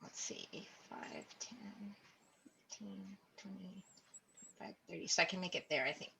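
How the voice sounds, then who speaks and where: Bright, animated woman at a game table. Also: sits low, fast, creaky, husky. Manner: chatty, thinking aloud, counting under her breath. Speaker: player. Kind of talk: casual tabletop game play.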